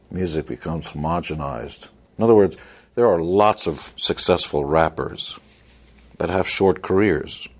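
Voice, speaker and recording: A man, a rock musician and entrepreneur, giving blunt, brash, joking advice in a motivational interview. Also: a bass voice.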